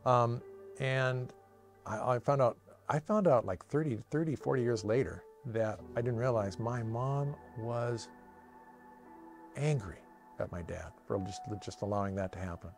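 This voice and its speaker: A middle-aged man from Washington State giving an earnest, reflective personal testimony, pausing and restarting as he remembers. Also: mid-range voice. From Washington State, USA. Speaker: storyteller sharing his life story. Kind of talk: personal testimony told from memory. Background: soft cinematic music.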